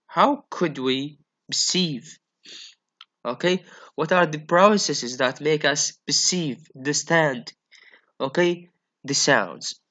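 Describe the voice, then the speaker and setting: Slow, hesitant male phonetics lecturer. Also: on the high side, bright, forceful tone. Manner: slow, hesitant, many fillers and repeated okays. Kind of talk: classroom lecture.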